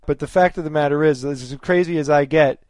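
A man with a high voice argues bluntly and insistently on a podcast panel. He talks in a casual way and keeps pressing his point. The sound is dry and close. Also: fairly quick, a little mellow, dry recording. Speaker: podcast co-host.

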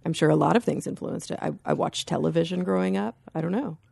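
A woman's voice: on the low side, fast talker, gravelly, darkish tone, husky, no echo, clean studio sound. A woman from Texas co-hosting a podcast, chatty and reflective in casual panel chat. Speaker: podcast co-host.

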